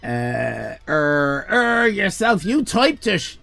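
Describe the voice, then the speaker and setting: A man's voice: fairly high pitch, expressive, unhurried, creaky. An Irish man in his fifties chatting with his live chat as a streamer, prone to playful mock-indignant rants. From Ireland. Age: 50s.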